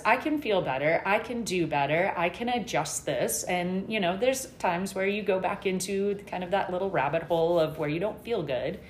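A woman's voice: lowish voice, slight background noise. Candid middle-aged woman, echoey room. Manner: earnest, candid, rambling with fillers. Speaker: guest. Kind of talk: casual interview talk.

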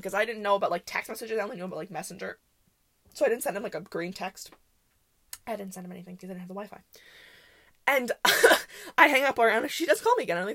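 Chatty young woman telling wild stories. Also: a little high. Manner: chaotic, animated retelling with quoted dialogue. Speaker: podcast host. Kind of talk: casual storytelling.

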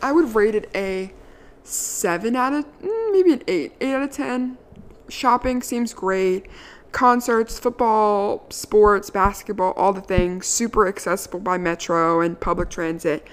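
Chatty young woman telling a story. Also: medium pitch. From Washington, D.C. area. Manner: chatty, animated, lots of "like" fillers, occasional swearing. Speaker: vlogger. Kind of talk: casual storytelling.

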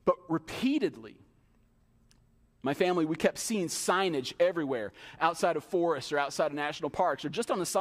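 A man with a very high, light voice preaching to his congregation, driving home points with rhetorical questions and playful acted-out asides. His words ring through a church hall with a long reverb. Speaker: pastor. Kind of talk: sermon.

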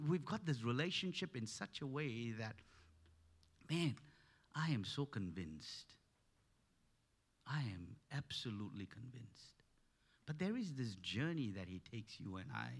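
A man preaching a sermon in a bright, forceful voice. He tells stories with frequent restarts, then climbs to emphatic, louder peaks. His pitch sits in an ordinary middle range. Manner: storytelling, many restarts, rising to emphatic peaks.

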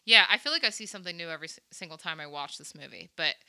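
A woman's voice: fairly low pitch, racing. A young woman hosting a podcast, chatting casually and animatedly as she retells a movie scene. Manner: chatty, animated retelling with quoted voices and laughs. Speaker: podcast host. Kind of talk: casual movie recap chat.

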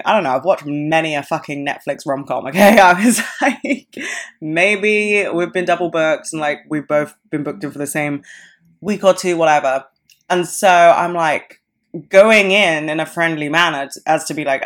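A young woman in her twenties with a low-pitched voice tells a story on her podcast. She talks casually, swears freely and acts out what everyone said. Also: fairly bright tone. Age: 20s. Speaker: podcast host.

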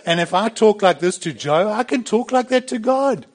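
A man's voice: high voice, expressive, normal speed. Conversational middle-aged male pastor preaching. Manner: plain and conversational, with bursts of emphasis. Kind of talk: sermon.

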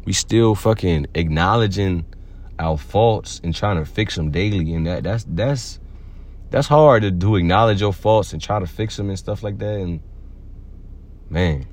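Low-voiced man giving a loose slangy pep talk. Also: a little slow, darkish tone. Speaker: podcast host. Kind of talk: casual motivational monologue.

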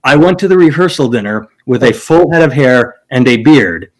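A man's voice: medium pitch, lively intonation, normal speed, rough recording. A man casually telling a long story among friends, rambling, cursing freely and restarting his sentences. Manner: rambling, profane, restarts, acts out quoted people. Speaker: podcast host telling a story.

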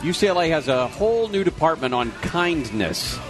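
A man's voice: a little high, very animated, normal speed, music in the background. A male radio co-host talking live from a restaurant, retelling a news story in a loose, conversational way with fillers and restarts.

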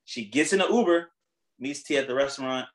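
A man hosting a casual chat, retelling a story in animated, slangy, profane talk. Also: mid-range voice, brisk, poor audio.

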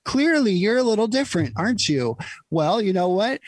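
Male podcast host, fired-up monologue, slightly high voice, dry mic. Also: big pitch swings, moderate pace, no room sound. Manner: emphatic, repetitive, emotional. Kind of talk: impassioned political monologue. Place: Utah.

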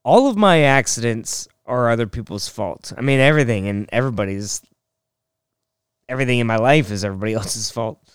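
A man's voice: mid-range voice, animated, fairly quick, clean tone, no echo, clean studio sound. A young man hosting a podcast, telling rambling self-mocking stories and laughing often. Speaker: podcast host. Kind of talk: casual storytelling monologue.

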